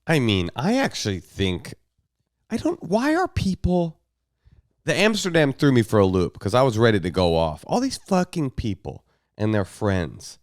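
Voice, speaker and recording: Man podcast co-host, blunt, swears a lot, rants, animated pitch, dry sound. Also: moderate pace, dry recording. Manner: blunt, profane, jumps into excited rants. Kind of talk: casual chat.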